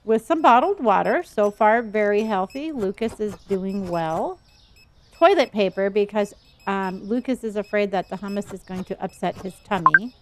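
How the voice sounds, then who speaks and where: In a casual live-stream chat while gaming, a woman with an animated mid-range voice talks at a normal speed, keeping up playful commentary. She thanks viewers by name and calls them honey and dear, with a little hiss or hum in the audio.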